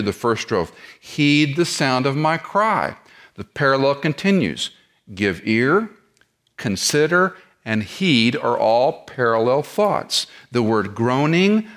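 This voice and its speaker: A middle-aged pastor with a mid-range, slightly bright voice preaches an expository sermon, working through the text verse by verse and posing rhetorical questions as he teaches. He lives with chronic back pain.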